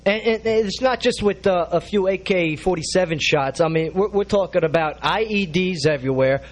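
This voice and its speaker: A man's voice: high voice, moderate pace. A man hosting a radio interview, deferential and calling his guest sir, often stumbling over restarts. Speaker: radio show host.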